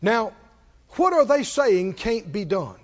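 Male preacher, high-pitched and animated, emphatic call-and-response, church hall reverb. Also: takes it slowly. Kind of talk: sermon. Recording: long hall reverb, dull lo-fi sound.

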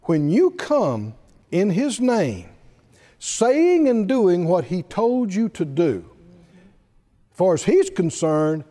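Male preacher, high and lively voice, playful storyteller, long hall reverb. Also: slow pace. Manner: animated storytelling, laughing at his own jokes, acting out quoted voices. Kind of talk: sermon.

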